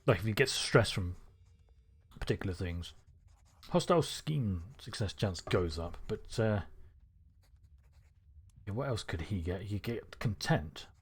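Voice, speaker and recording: A man streaming a strategy game live, thinking aloud with excitable bursts. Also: fairly low pitch, a little slow, long pauses, husky.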